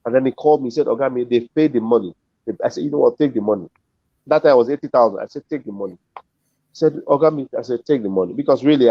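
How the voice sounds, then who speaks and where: A man's voice: medium pitch, no echo. A middle-aged Nigerian man, a comedian and compere, telling a story as an interview guest and acting out the voices of the people in it. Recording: dull dry lo-fi audio.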